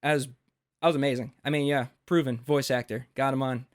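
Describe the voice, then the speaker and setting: An American man hosting a podcast interview, animated and rambling, with lots of fillers. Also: medium pitch, moderate pace. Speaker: podcast host.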